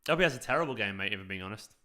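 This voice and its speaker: A young man races through his commentary on a live football watchalong, his lowish voice bright, forceful and lively in intonation. As a fan channel host, he chats casually, reacts to the action, reads chat and greets viewers by name.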